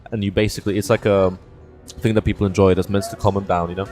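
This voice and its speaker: A man commentating a fighting game tournament, joking with his co-commentator between fast play-by-play calls. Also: on the low side, level tone. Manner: quick, joking, trails into quiet asides. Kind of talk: esports commentary and banter. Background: music.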